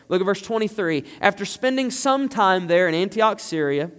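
A man's voice: high voice, animated, normal speed, few pauses, a bit bright, clear, resonant tone, big-room sound. A man preaching a sermon, building emphatically into fervent, pleading passages. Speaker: pastor.

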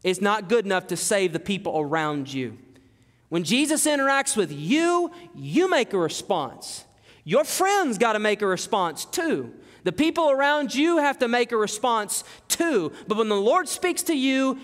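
A man's voice: sits high, very animated, a little slow. A man preaching a sermon as pastor, emphatic and repetitive, asking his listeners rhetorical questions. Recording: long hall reverb.

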